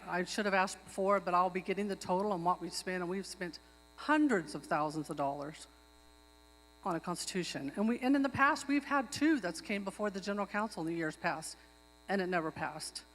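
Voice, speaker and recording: A woman's voice: medium pitch, expressive, normal speed, fairly bright tone. A woman speaking up at a public tribal meeting, arguing her motion and repeating herself for emphasis. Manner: earnest, repeats herself when stressing a point. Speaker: tribal member making a motion. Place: outdoor pavilion. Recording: long hall reverb.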